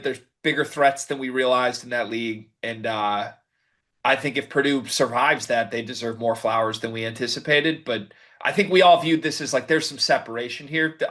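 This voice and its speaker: A man with a bright, forward voice at an ordinary pitch, co-hosting a casual sports podcast. He runs the segment, reads out the numbers and tosses each question to his partner. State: hiccuping. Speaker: podcast co-host.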